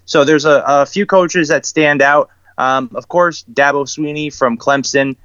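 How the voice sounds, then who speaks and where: A man being interviewed as a sports betting analyst, answering in a measured way with many ums. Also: fairly high pitch, fairly even intonation, fairly bright tone, clear, resonant tone, no echo, lo-fi sound. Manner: measured, filler-heavy with ums. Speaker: guest, sports handicapper.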